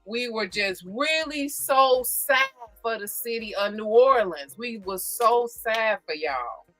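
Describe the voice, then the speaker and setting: Bright, animated woman host. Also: fairly high pitch, slow, no echo, soft background music. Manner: animated, teasing, laughs often. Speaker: show host. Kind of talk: casual chat.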